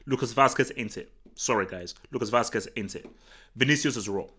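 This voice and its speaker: A man from Nigeria hosting a live football talk stream, chatting casually and answering the chat in an excitable, rambling way full of restarts. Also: medium pitch, a little fast, breathy edge. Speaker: football talk show host. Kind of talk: casual livestream commentary, reading the chat.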